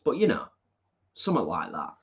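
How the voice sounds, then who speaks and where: A man's voice: mid-range voice, wildly swooping pitch, fairly quick, muffled recording. A man with a northern English accent co-hosting a casual live stream from his lounge, reading viewer comments aloud and answering them. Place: home lounge.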